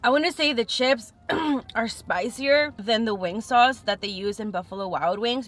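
A woman's voice: on the high side, normal speed, few pauses, fairly bright tone. A young woman chatting frankly and thinking aloud as she tastes food in a casual eating vlog. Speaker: food vlogger.

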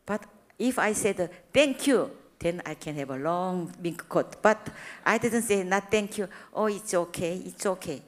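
Korean-accented woman preacher, middle-aged, broken English, lively storytelling sermon. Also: lowish voice, unhurried. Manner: broken English, animated retelling of dialogue. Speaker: church speaker. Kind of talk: sermon with anecdotes.

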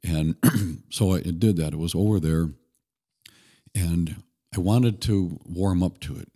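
A man guest on a podcast, telling stories in an earnest, relaxed way with occasional restarts. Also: low voice, slow. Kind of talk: conversational storytelling.

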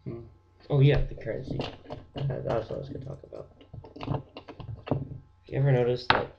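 A teenage boy rambling through a jokey comic rant, dropping into hushed whispered asides. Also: mid-range voice, wildly swooping pitch, moderate pace, vocal fry, dull audio, heavy background noise. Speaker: vlogger.

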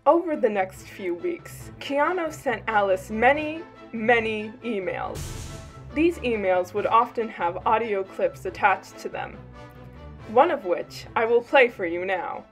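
A young woman narrating a mock true-crime story in a deadpan, straight-faced way. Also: a little high, a little slow, faint music behind.

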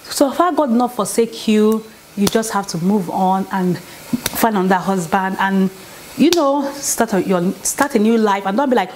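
A woman chats to camera from her home, pitched in an ordinary middle range. She talks in loose, repetitive bursts, driving each point home and checking in with her viewers. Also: moderate pace, a little mellow, a little hiss or hum. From Nigeria. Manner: chatty, repetitive, emphatic, asks "okay?". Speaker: vlogger. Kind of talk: casual relationship advice talk. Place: home, indoors.

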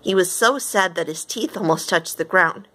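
A woman's voice: lowish voice, moderate pace, fairly bright tone. Woman reading a storybook aloud. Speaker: storybook reader.

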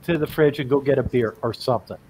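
An older man from Canada chats in a folksy, joking way. His voice sits in an ordinary middle pitch. He talks casually with friends on a group call. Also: fast, a little mellow, slight background noise. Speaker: guest. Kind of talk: casual chat.

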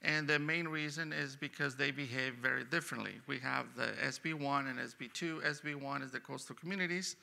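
A man, an economics professor, giving a conference presentation on a university stage with a lively, punchy delivery and sudden loud stresses. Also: medium pitch, fairly quick, gravelly, few pauses.

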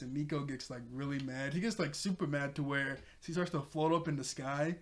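A man's voice: a little high, fairly quick. A man casually recapping a cartoon episode, rambling and laughing often, briefly mimicking characters' lines. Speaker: show reviewer.

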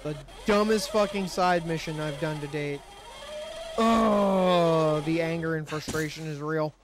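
A man's voice: on the high side, a little slow, noisy background. A man hosting a let's play, commenting on his game in a frustrated, profane, ranting way. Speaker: gaming channel host.

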